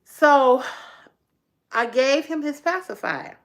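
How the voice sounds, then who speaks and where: A woman hosting a live stream, telling a family story in a blunt, profane, animated way and talking back to her chat. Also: high-pitched, slow. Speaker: livestream host.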